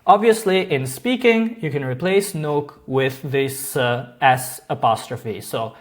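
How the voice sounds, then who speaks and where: A man teaching a grammar lesson, who says each example slowly and carefully and then repeats it. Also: a little high. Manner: slow, careful repetition of example sentences. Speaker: language teacher.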